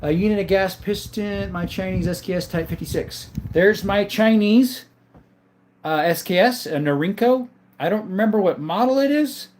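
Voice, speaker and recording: A man hosting a casual livestream, reading viewers' chat names aloud and answering them in a relaxed, easygoing way. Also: high-pitched, normal speed, a little hiss or hum. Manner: calls viewers brother. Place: home, in front of a counter.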